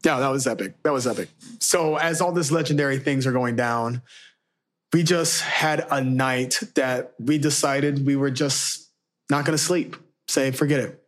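A man's voice: mid-range voice, normal speed. A man co-hosting a casual podcast, telling stories with lots of swearing. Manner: profane, animated storytelling. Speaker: podcast co-host. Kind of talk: casual chat.

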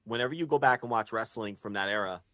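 A man co-hosting a podcast in casual chat, talking excitedly, swearing freely and building an argument point by point. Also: on the low side, fast talker, dry recording. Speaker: podcast co-host.

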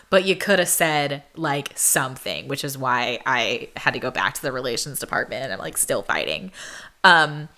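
Speaking at normal speed in a voice that sits low, a young adult woman vlogger recounts something that happened to her. Her delivery is an animated, casual, chatty monologue peppered with "like."

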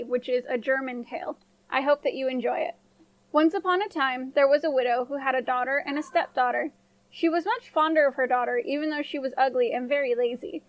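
A woman storyteller reading a fairy tale in a gentle, clear voice that sits high. The sound is close and dry, with no room around it. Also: no echo, rough recording. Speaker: storyteller, podcast host. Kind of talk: scripted storybook narration.

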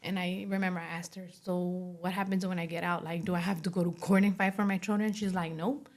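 A young woman speaking as an interview guest, giving a personal testimony in a soft voice full of "you know" and "like". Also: fairly low pitch, little pitch movement, fairly quick. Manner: soft-spoken, many fillers like "you know" and "like".

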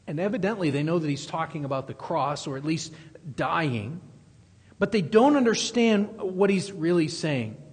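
A man with a fairly high, husky voice preaches through a passage with emphatic repetition and building intensity. His words ring out with the long reverb of a large church sanctuary. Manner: emphatic, repeating key phrases and building intensity. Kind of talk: expository sermon.

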